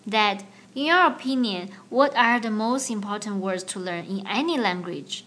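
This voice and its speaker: A woman's voice: mid-range voice, bright, forceful tone. Woman hosting a language lesson podcast. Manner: clear, slow teaching delivery with playful banter. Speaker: podcast host and language teacher.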